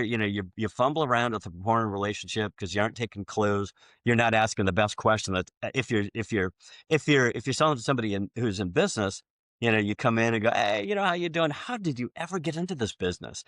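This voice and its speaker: A man hosting a podcast, chatting casually and acting out both sides of sales conversations, with many halting restarts. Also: lowish voice, fairly bright tone, no room sound, clean studio sound. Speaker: podcast host.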